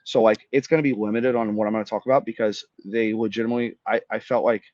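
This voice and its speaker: A man's voice: lowish voice, fairly even intonation, darkish tone, no echo. Blunt, muffled-sounding veteran man. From Florida. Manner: blunt, swearing, fast-building retelling. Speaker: podcast guest, army veteran. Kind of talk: emotional storytelling in conversation.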